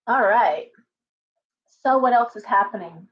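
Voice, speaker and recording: A woman's voice: medium pitch, expressive, normal speed. A middle-aged woman hosting a casual live chat from home, rambling and greeting viewers by name. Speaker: livestream host. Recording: dull lo-fi livestream audio.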